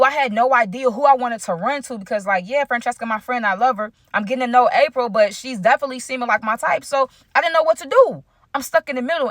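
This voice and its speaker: A woman's voice: fairly high pitch, fairly bright tone, no echo, studio quality. Chatty young woman telling a storytime. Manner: chatty, keeps addressing viewers directly. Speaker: vlogger. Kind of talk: storytime vlog.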